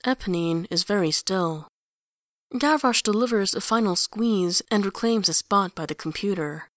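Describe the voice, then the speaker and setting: A woman's voice: medium pitch, normal speed, a bit bright, no echo, studio quality. Woman reading a story aloud. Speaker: audiobook reader. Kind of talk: reading fan fiction aloud.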